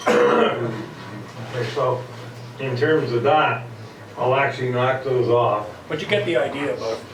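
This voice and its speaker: A man's voice: mid-range voice, expressive, measured pace. Older man demonstrating, far off in an echoey room. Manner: explains step by step, stumbles and repeats words, clears throat. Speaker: club presenter. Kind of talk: casual hands-on demonstration talk. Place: club meeting room, indoors. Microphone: room mic far from the speaker. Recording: echoey, distant, noisy room recording.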